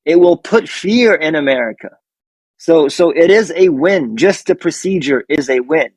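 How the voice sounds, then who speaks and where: A man in a political discussion, talking in a measured way with small repetitions. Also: fairly high pitch, lively intonation, breathy edge, dry recording, poor audio.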